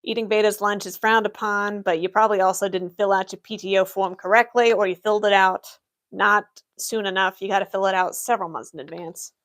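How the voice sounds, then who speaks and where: Young adult woman, livestream Q&A, in-character office clerk, deadpan, matter-of-fact, medium pitch. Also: a little fast. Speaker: livestreamer playing an Imperial office worker.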